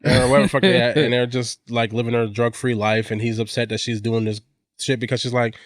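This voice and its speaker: A man's voice: medium pitch, fairly even intonation, fast, no room sound, clean studio sound. A man co-hosting a podcast, casually retelling an episode in a rambling, profane way. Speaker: podcast co-host. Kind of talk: casual recap chat.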